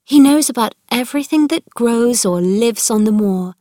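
A woman's voice: a little high, animated, moderate pace, mellow, dry recording, studio quality, lightly acted. A woman voicing an earnest young girl. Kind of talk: read-aloud storybook dialogue.

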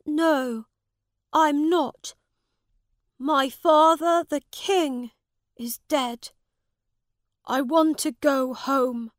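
A woman voicing a young boy king who is proud and earnest, speaking in a high, commanding voice. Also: very animated, slow pace, a bit bright, no room sound, clean studio sound, full character voice.

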